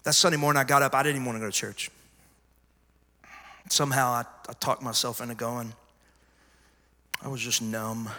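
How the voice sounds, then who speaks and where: A middle-aged man preaching a testimony sermon, telling his story emphatically and moving from hushed asides to loud cries. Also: mid-range voice, fairly even intonation, moderate pace, long pauses. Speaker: pastor. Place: large church sanctuary. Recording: long church hall reverb.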